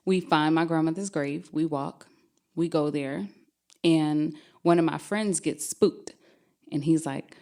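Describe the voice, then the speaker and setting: A woman's voice: sits low, fairly even intonation, measured pace, dark tone. A woman, guest on a podcast, animatedly telling a true scary story and laughing as she goes. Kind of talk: casual storytelling.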